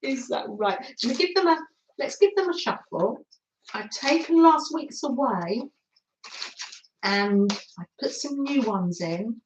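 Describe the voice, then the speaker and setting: An older woman, hosting a craft livestream and chatting warmly to viewers by name as she reads their comments. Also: on the high side, expressive, unhurried, echoey room, slight background noise, low-quality recording.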